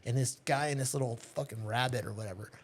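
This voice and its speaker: A man's voice: medium pitch, quick pace, slightly rough. A man hosting a casual chat at home, telling a story with lots of swearing and laughter. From Pittsburgh, USA. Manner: profane, animated storyteller, laughs often. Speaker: podcast host. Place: childhood home.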